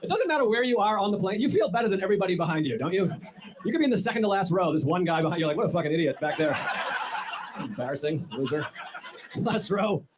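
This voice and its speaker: A man's voice: high-pitched, big pitch swings, fast. A man doing a stand-up comedy set on a club stage, with wry, self-deprecating observational delivery. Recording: noisy recorded stand-up clip.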